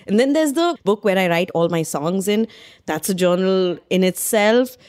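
An earnest woman with a mid-pitched voice, rambling enthusiastically as a musician guest. Her talk is casual and heartfelt, with frequent filler words. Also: lively intonation, moderate pace, darkish tone. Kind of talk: casual chat.

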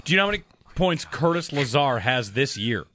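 A man's voice: mid-range voice, sing-song, a little fast, fairly bright tone, slight background noise. A man co-hosting a casual sports talk show, telling wry stories. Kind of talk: casual sports radio chat.

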